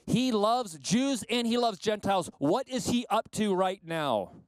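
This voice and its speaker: A male pastor giving a sermon in a conversational, animated way, with frequent asides. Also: high-pitched, a little slow, dry recording.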